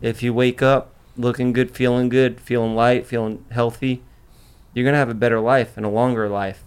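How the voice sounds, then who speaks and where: A man's voice: medium pitch, flat delivery, normal speed, smooth. Brash, profane young man chatting loosely. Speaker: podcast host. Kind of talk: casual chat.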